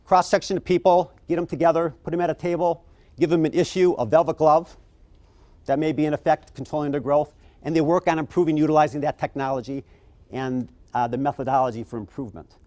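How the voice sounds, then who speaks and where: A middle-aged man giving a conference keynote, telling stories and acting out the people in them. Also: fast talker. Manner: animated, acts out quoted people with big pitch jumps. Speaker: keynote speaker.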